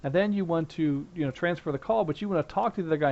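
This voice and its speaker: Gravelly man lecturing casually. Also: a little high, fast, few pauses, a little mellow. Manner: conversational, acts out sample phone lines. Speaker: instructor. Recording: dull lo-fi recording.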